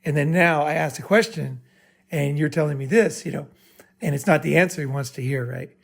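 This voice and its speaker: A man's voice: on the high side, brisk, creaky. A man speaking at a live summit and answering an audience member bluntly, with profanity, often checking in with "right?". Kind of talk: live Q&A talk.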